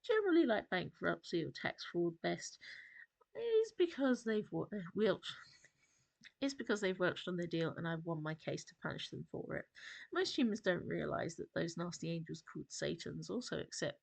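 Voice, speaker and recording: A woman voicing a smug, boastful male demon dealmaker in a storybook reading, with a gruff, deliberate delivery. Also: on the low side, no room sound. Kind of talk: storybook narration.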